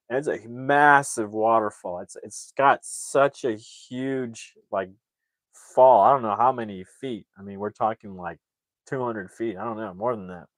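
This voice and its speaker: A man's voice: fairly low pitch, no echo. A man casually recapping a comedy film's plot, rambling with lots of "like" and restarts. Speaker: movie reviewer.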